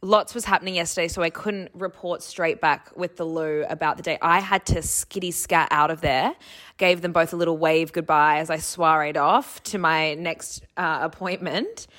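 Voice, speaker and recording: A woman co-hosting a podcast, talking in a gossipy, animated way with quick asides. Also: low-pitched. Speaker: podcast co-host. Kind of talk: casual chat.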